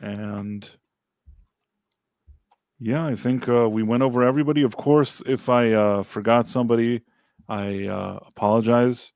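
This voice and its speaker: A man hosting a casual podcast livestream, relaxed as he reads out and thanks viewers from the chat. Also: mid-range voice, a little slow, pauses often, dry recording, studio quality. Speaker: podcast host.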